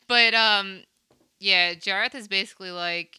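A woman co-hosting a podcast, recapping a film scene by scene in casual, animated chat and swearing freely. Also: medium pitch, slow, pauses often, clear, resonant tone, dry recording. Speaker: podcast co-host.

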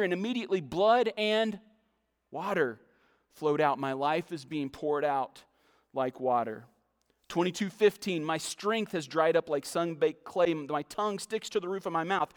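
A man delivers a sermon in a somewhat high voice, reading scripture aloud and then explaining it. His voice carries a long reverb, as if spoken in a large hall. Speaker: pastor.

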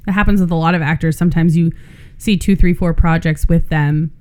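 A woman's voice: sits low, fairly even intonation, fairly quick, mellow, clear, resonant tone. A woman co-hosting a casual film chat, easygoing and asking playful questions. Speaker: podcast co-host.

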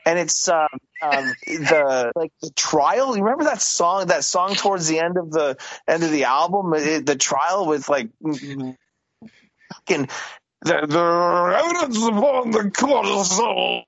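A man's voice: fairly high pitch, unhurried, vocal fry, fairly bright tone, no echo. A man from Canada rambling through a story in casual, profane podcast banter, with many restarts. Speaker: podcast co-host. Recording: dull lo-fi dry sound.

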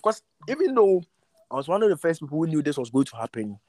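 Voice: medium pitch, fast talker. A young doctor telling a story with lots of energy, acting out scenes with voices. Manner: animated, lively, acts out scenes. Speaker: doctor guest. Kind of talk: casual storytelling. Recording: faint background noise.

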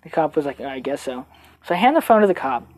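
A young woman telling a personal story on her podcast, casual and animated, swearing and acting out the people she quotes in different voices. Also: lowish voice, very fast. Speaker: podcast host.

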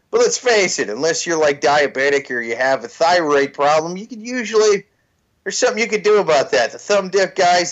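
Rambling, profane man on a dull line. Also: a little high. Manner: rambling, profane, with many restarts. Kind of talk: casual podcast banter. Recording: slightly dull lo-fi sound.

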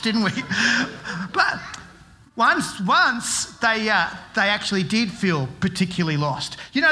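A man's voice: high voice, sharp tone. A middle-aged man giving a playful children's talk at a church service, telling a story with jokes and asking the kids questions. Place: church service with live audience.

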